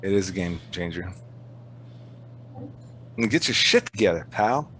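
A man in casual, profane chat, who swears constantly and tells stories with animated energy. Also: deep voice, a little slow. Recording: faint background noise.

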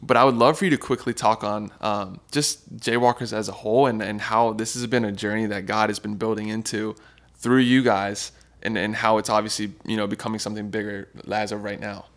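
A man's voice: lowish voice, little pitch movement, fairly quick, fairly bright tone. A man hosting a podcast, speaking in an affirming, conversational way. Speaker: podcast host.

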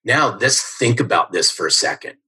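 Very husky deep-voiced man, bright tone. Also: moderate pace, low-quality recording. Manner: energetic, emphatic, repeats "right?". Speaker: sales coach guest. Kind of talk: podcast interview storytelling.

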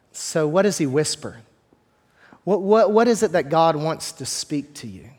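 A man preaching a sermon as pastor, talking in a relaxed, conversational way with repeated words and joking asides to the congregation, in a church. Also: on the high side, unhurried. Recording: long hall reverb.

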